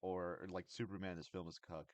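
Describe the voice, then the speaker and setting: A man hosting a podcast in casual reaction chat, halting and restarting as he thinks aloud and reads chat. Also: low voice, flat delivery. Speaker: podcast host.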